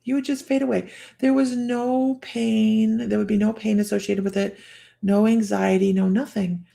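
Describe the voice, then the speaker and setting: A woman's voice: fairly high pitch, flat delivery, moderate pace, vocal fry, dark tone. A woman hosting a psychic livestream, telling a personal story in a chatty, rambling way with frequent laughter. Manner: restarts and trails off while telling a story. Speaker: psychic host of a live stream.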